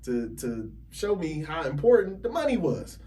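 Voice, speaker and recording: A man telling a story on a podcast as a realtor guest, animated and laughing often as he acts out other people's lines. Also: a little high, normal speed, distant mic. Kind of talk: casual storytelling.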